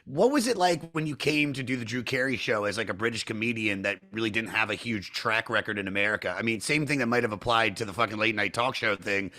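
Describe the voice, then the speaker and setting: Bright-voiced, profane podcast host. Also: male voice, lowish voice, fast talker, few pauses. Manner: enthusiastic, profane, chatty. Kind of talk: casual interview chat.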